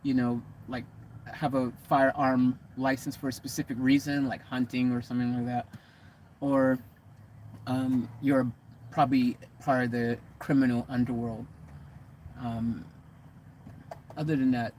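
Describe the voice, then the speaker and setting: American man, vanlife vlogger, casual and rambling, medium pitch, faint vehicle noise behind. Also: little pitch movement, unhurried, long pauses, a little mellow, poor audio. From United States. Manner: chatty, meandering, self-correcting. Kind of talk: casual chat to camera. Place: living in a vehicle.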